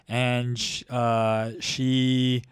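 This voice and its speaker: A man's voice: medium pitch, level tone, extremely slow, smooth, no echo, studio quality. A man co-hosting a casual comedy podcast, joking around, laughing a lot and trailing off into mumbles. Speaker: podcast co-host.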